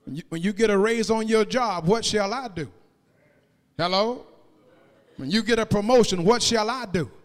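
High-voiced preacher in a reverberant hall. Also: male voice. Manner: preaching with rising, sung cadences and shouted peaks; draws out key words slowly. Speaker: pastor. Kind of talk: sermon. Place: church sanctuary. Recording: long reverb of a large hall.

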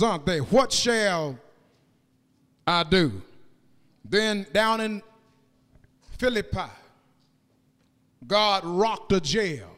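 A man preaching a sermon in a church, moving into sung, rising cadences and shouted peaks, and drawing out key words slowly. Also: high voice. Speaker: pastor. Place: church sanctuary. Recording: long reverb of a large hall.

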